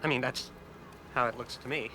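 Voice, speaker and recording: A man playing a halting, hesitant talker. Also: medium pitch, steady tone, background noise, lightly acted. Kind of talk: film drama dialogue.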